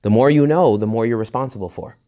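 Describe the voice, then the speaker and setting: Man, priest, retreat talk, jokey, blunt, animated, medium pitch. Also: fast. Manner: animated, jokey, acts out quoted voices; blunt and emphatic. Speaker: Catholic priest leading a retreat. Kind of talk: retreat talk to young adults.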